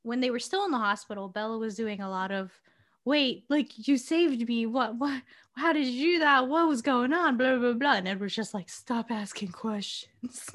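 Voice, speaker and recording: Young woman laughing a lot on a book podcast, slightly high voice, acts out the characters. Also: moderate pace. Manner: giggly, animated, acts out characters' lines. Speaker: podcast co-host. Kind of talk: casual book discussion.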